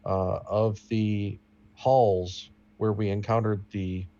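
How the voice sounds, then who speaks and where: Slow, hesitant man on a dull recording. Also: lowish voice, level tone, warm tone. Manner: slow and hesitant, restarts words. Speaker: player. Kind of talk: tabletop game play.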